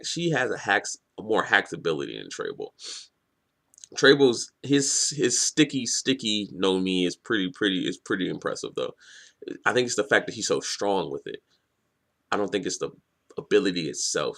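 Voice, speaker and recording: Animated, profane man with a bright voice. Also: deep voice, normal speed, vocal fry. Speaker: manga reviewer. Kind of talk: casual video review.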